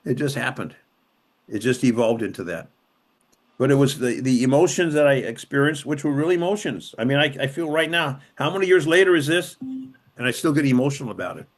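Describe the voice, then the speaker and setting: Impassioned older man recounting memories. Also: mid-range voice. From Los Angeles, USA. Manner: impassioned, emphatic repetition; emotional retelling, voice rising and dropping sharply. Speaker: interview guest, former police officer and city councilman. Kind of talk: conversational storytelling.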